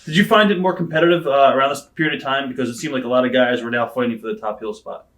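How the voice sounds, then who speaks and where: A man's voice: mid-range voice, steady tone, rapid-fire, a bit bright, distant mic. A man interviewing a guest, asking plain questions and giving short acknowledgments.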